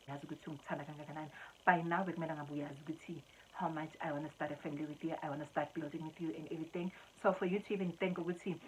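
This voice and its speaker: Lively South African woman telling a story. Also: on the low side, a little hiss or hum, poor audio. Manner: animated, mixes English with Zulu and Xhosa, laughs often. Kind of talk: casual storytelling to camera.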